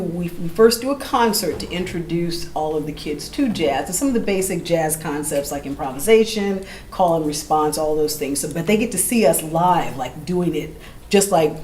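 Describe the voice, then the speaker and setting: A middle-aged woman from Oakland, a jazz vocalist and educator, tells stories to a live audience. She is animated and lets her pitch leap as she acts out the people she quotes. The sound is roomy, with faint ambience from the gallery behind her. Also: slight background noise. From Oakland, California. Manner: animated, acts out quoted voices, laughs easily. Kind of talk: storytelling between songs at a live gallery show. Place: gallery event space.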